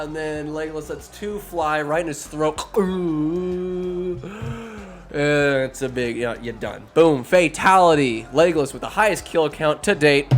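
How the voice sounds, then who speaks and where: A man hosting a podcast, giving a rambling, crude and sarcastic comedic movie recap. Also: fairly high pitch. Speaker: podcast host.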